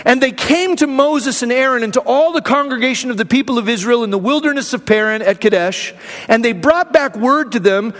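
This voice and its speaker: High-voiced man preaching in a reverberant hall. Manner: animated storytelling, acting out quotes. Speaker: pastor. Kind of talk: sermon.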